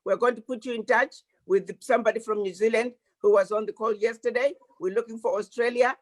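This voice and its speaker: A woman's voice: on the high side, steady tone, fairly quick, no room sound. A woman leading a diaspora organization who addresses an online meeting in an earnest, urging way, closing with a rallying appeal.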